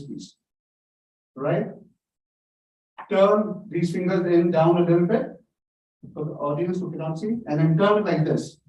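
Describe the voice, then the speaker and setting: A man giving a playful, animated prepared speech at a club meeting over a video call, talking straight to his audience. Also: on the high side. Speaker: club speaker. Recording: echoey, distant, dull sound.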